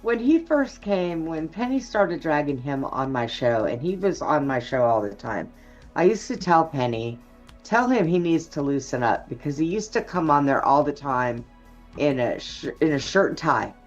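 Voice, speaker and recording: A woman's voice: low-pitched, expressive, normal speed, lo-fi sound, faint music behind. A woman hosting a casual chat, blunt and gossipy, laughing often. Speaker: show host.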